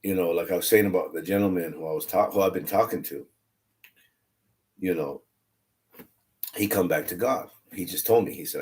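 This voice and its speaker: Deep-voiced man rambling candidly. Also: moderate pace, pauses often, a little mellow. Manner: candid, repetitive, restarts phrases. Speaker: online religious streamer. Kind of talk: rambling casual livestream talk.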